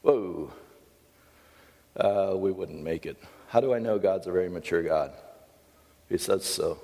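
A middle-aged American pastor giving a folksy, conversational sermon with storytelling asides. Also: male voice, low-pitched, normal speed, mellow, in a large hall.

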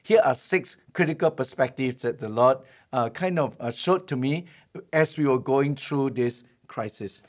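A man preaching a sermon as pastor, telling stories and slowing down to stress his key points. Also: mid-range voice. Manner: storytelling preacher, emphatic, slows for key lines.

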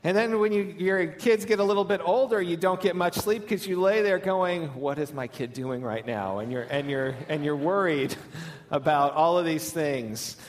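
A male lead pastor giving a sermon, telling a funny story in a warm, storytelling manner. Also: high-pitched, moderate pace.

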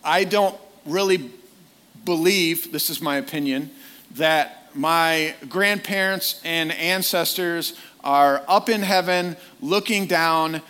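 A man's voice: fairly high pitch, slow, bright, forceful tone, clear, resonant tone. A man preaching a sermon in a conversational way, often putting direct questions to his listeners.

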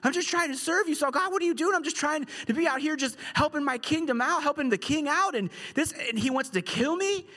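A man's voice: extremely high pitch, expressive, a little fast, hardly any pauses, bright, forceful tone, voice pushed up, heavily acted. A man voicing a hunted, bewildered young hero in a sermon, pleading and complaining. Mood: distraught pleading.

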